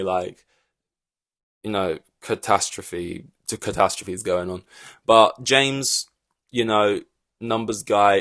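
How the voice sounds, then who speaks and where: A man hosting a casual podcast, rambling in animated reaction chat with loose swearing and lots of fillers. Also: on the low side, dry recording. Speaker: podcast host.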